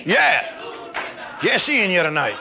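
A man preaching a sermon to a congregation, reading scripture and leading call-and-response, building up to shouts. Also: high-pitched, huge pitch swings, takes it slowly, gravelly, a crowd in the background, background noise. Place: church service with a congregation.

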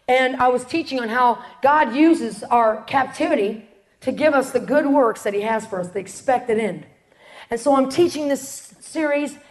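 A woman with a high, bright speaking voice delivers a testimony to a crowd. She tells it like a storyteller, jumping into voices for each person and laughing along the way. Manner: animated storyteller, acts out quotes, laughs often. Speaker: ministry speaker sharing testimony. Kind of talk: testimony talk to an audience.

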